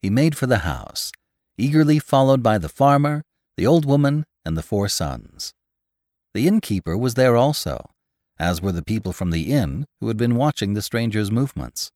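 A man narrating a classic story in an expressive, scripted reading. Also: medium pitch, moderate pace, dry recording, clean studio sound. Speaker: podcast narrator.

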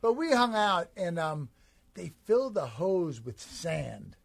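A man co-hosting a comedy podcast, telling an absurd tall tale in a rambling deadpan way and acting out quotes. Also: high voice, takes it slowly, creaky, dry recording. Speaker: podcast co-host.

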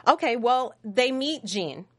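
A woman's voice: on the high side, takes it slowly. A woman co-hosting a casual chat, recapping a reality show and acting out what people said. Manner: animated, acts out quotes with shifting tone. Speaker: recap podcast co-host.

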